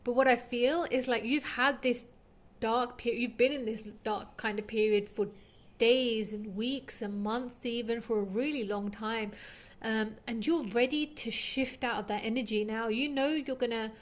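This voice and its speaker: A woman's voice: fairly high pitch, steady tone, normal speed. A woman giving an intuitive tarot reading to her viewers, earnest and heartfelt, rambling with many fillers. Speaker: tarot reader.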